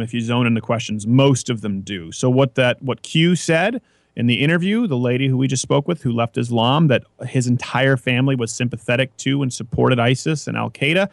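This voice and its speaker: A man's voice: medium pitch, gravelly, no echo, studio quality. A man hosting a casual talk show, rambling and joking as he tells stories. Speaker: podcast host. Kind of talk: casual chat.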